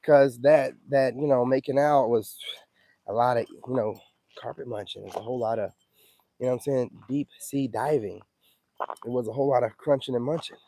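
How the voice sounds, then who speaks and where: Talking loosely and with emphasis on his livestream, this man keeps dropping "you know what I'm saying" to make sure you're with him. He speaks at a normal speed in a medium-pitched, dark voice, with no room sound.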